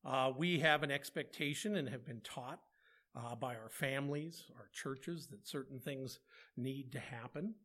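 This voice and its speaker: A man's voice: mid-range voice, measured pace, fairly bright tone. A man preaching a conversational sermon, asking rhetorical questions and slipping in playful asides.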